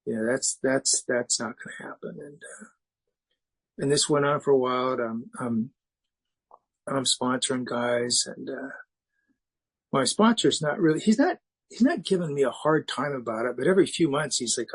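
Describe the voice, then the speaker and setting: Middle-aged man, husky voice at an ordinary pitch, halting and candid, sharing his recovery story. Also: lively intonation, low-quality recording. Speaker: speaker sharing at a recovery meeting. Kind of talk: personal recovery share.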